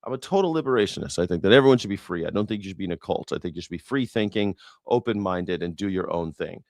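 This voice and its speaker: A lowish-voiced man from the States riffs through a casual news reaction talk, sarcastic and profane, often restarting his sentences. His voice sits fairly low and sounds close and dry, with no room around it. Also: animated, fast, gravelly, no room sound. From United States. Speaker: independent news and culture commentator.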